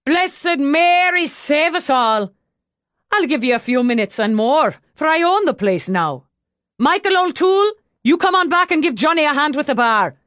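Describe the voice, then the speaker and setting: A big, hearty barkeep with a roaring, teasing manner, as a woman narrator puts him on. His voice leaps high and loud in an audiobook read in a dry, close room. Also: very animated, measured pace, no echo, heavily acted. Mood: roaring, boisterous. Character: boisterous burly Irish pub owner man. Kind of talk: audiobook character voice.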